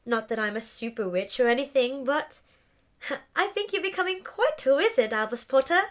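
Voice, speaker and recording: A woman's voice: on the high side, brisk, close to an everyday voice. A woman voicing a friendly, bubbly young witch who laughs and encourages, in a play reading. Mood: cheerful.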